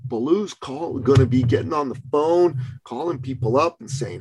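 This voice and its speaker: A man's voice: medium pitch, moderate pace, hardly any pauses, a little mellow, husky, poor audio. A man in his fifties hosting a podcast, talking casually in a blunt, profane storytelling way. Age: 50s. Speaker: podcast host. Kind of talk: casual conversation.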